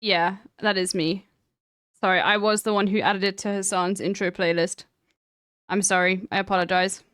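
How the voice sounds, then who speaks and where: A woman's voice: medium pitch, flat delivery, moderate pace, a bit bright, clear, resonant tone, no room sound, clean studio sound. A woman chatting casually on her stream, rambling and emphatic with plenty of swearing.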